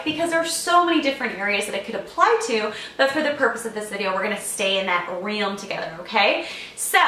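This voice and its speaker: Chatty high-voiced woman vlogger. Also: bright, forceful tone, roomy sound. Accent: playful put-on accent early on. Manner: chatty and upbeat, addressing viewers as friends. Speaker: vlogger and purpose coach. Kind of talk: casual video blog talk to camera.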